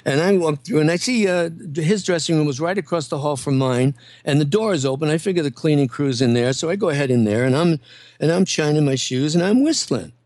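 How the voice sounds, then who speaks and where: An older male comedian and impressionist, a guest telling animated stories and slipping into voices. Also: fairly high pitch, fairly quick, no room sound. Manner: lively storyteller who slips into voices.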